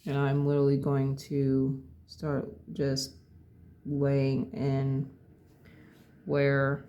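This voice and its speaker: A person calmly talking through a painting tutorial step by step, thinking aloud and correcting their own words as they go. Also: medium pitch, drawn-out words, a little hiss or hum. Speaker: painting instructor.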